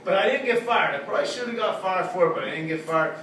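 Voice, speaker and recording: A man's voice: animated, fast, fairly bright tone. A middle-aged man doing a stand-up comedy set, brash and profane, recorded in a small art studio venue. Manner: brash and profane, pitching up for quoted callers. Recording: very echoey room, from a distance, audible noise.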